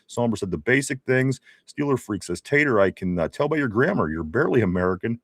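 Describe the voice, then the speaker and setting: A man co-hosting a live sports stream, reading viewer comments aloud in a casual, joking and animated way. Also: mid-range voice, fast talker, hardly any pauses, husky, no echo.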